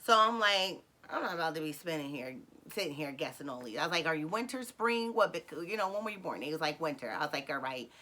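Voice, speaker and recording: Woman vlogger, lowish bright voice, chatty storyteller with lots of ums and sudden excited squeals. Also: fast, hardly any pauses. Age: adult with a son. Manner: animated, acts out dialogue with sudden high excited bursts; frequent fillers and self-corrections. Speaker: vlogger telling a personal story. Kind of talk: casual storytelling.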